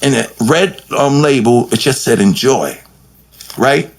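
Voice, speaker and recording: A man telling an animated, profane story as an interview guest and acting out the lines he quotes. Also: mid-range voice, a little slow, gravelly. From Queens, New York. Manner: profane, acts out quotes and records with shifting voice.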